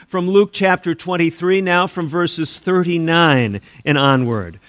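Lively, high-voiced male preacher. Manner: preaching with dramatic rises and drops, quoting scripture. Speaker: pastor. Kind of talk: sermon.

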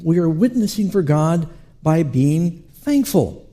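Dark-voiced man preaching a sermon. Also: on the high side, slow. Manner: animated storytelling preacher who acts out quotes. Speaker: pastor.

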